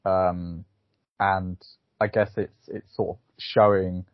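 A man's voice: sits low, little pitch movement, slow, no echo. A man co-hosting a casual film review podcast, talking in a hesitant, rambling way with many fillers. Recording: phone-like thin sound, dry.

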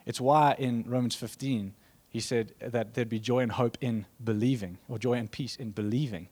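Male preacher, mid-pitched, casual rambling sermon delivery full of asides. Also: fairly even intonation, moderate pace, a little mellow, breathy edge. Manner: conversational, rambling with restarts and asides.

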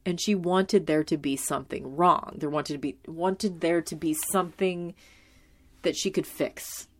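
Young woman, low voice, casual earnest commentary, emotional, filler-heavy. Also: fairly even intonation, measured pace. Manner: emotional and earnest, close to tears; heavy use of filler words like "like". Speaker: tv show commentator.

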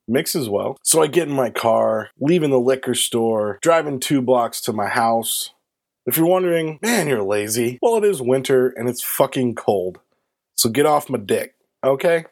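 A man telling a comedic story in a profane, animated way. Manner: animated, profane, swings into high put-on voices. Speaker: storyteller host.

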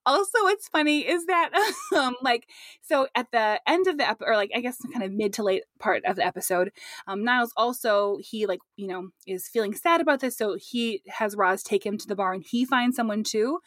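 A young woman chatting casually as a podcast co-host, animated and laughing often as she acts out characters' lines. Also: a little high, moderate pace, no echo, studio quality. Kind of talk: casual chat recapping a sitcom.

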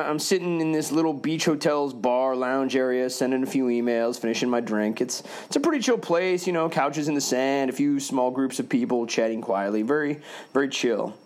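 A man from the United States telling a comic, profane anecdote in a wry monologue that builds toward shouting. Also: medium pitch. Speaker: storyteller.

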